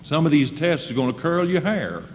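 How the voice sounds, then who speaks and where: A man preaching a sermon to students in a folksy manner, acting out quoted voices and rising to loud emphasis. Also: a little high, lively intonation, moderate pace, slight background noise. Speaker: preacher at a school chapel. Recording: dull old recording in a reverberant hall.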